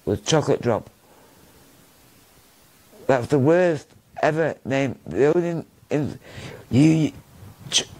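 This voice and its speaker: A middle-aged man with a Manchester accent tells his stories in a loose, rambling way, often circling back and repeating phrases. His voice sits at a medium pitch, and his talk is relaxed and conversational. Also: rough recording. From Norway. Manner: chatty, rambling, repeats himself, laughs at his own stories. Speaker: guest. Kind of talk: casual interview storytelling.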